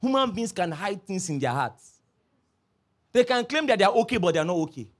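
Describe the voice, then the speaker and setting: Pastor preaching, high voice, tells stories and repeats himself a lot. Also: male voice, fairly quick. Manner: animated storytelling, repeats phrases, laughs often. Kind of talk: sermon.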